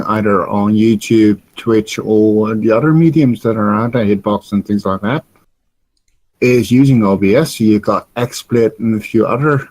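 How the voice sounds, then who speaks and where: A man in casual chat, calmly explaining streaming software and offering help. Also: lowish voice, rough recording. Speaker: helper on a voice call.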